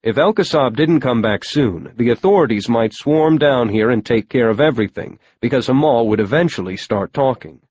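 A man's voice: medium pitch, expressive, normal speed, hardly any pauses, a little mellow, no echo, lo-fi sound. A man narrating a first-person audiobook in a wry, matter-of-fact storytelling manner.

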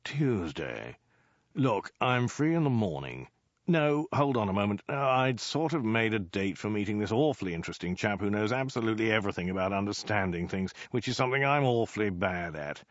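A man's voice: fairly low pitch, expressive, fairly quick, no room sound, highs cut off, natural voice. A man voicing a self-absorbed male warlord king who rambles through vague excuses with mild hesitations, in a storybook reading. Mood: dithering.

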